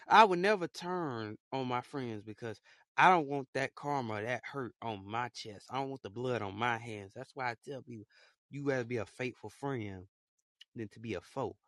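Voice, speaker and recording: A man's voice: medium pitch, moderate pace, a bit bright, no room sound, clean studio sound. A young man hosting a casual solo podcast, talking in a rambling, repetitive, heartfelt way. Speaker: podcast host.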